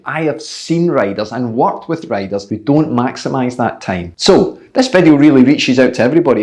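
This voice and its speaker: A Scottish man coaching cyclists straight to camera. He is blunt and motivational, throws in jokes and the odd swear word, and his voice sits at an everyday middle pitch. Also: darkish tone. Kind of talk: direct-to-camera training video.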